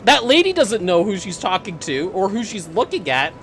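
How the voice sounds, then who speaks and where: A young adult streamer ranting casually while playing a video game, swearing freely and breaking into loud bursts of laughter. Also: medium pitch, animated, a little fast, hardly any pauses, a little hiss or hum. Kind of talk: casual rant while gaming.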